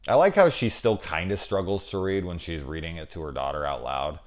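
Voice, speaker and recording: A man hosting a casual review show, thinking aloud with many fillers and swinging between loud excited questions and low mumbles. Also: fairly quick. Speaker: TV review host. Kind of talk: casual spoiler discussion.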